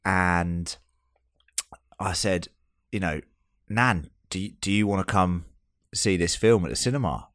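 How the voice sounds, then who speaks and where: A man's voice: low-pitched, a little slow, fairly bright tone, no room sound, studio quality. A man co-hosting a casual film podcast, swearing and joking through loose banter. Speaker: podcast co-host.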